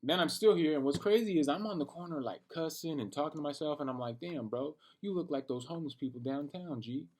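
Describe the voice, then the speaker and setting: A young man with a slightly high voice rants through a late-night story. He rambles in an animated way, heavy on slang and profanity, often arguing with himself. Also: brisk, few pauses. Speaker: vlogger. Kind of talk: late-night personal rant.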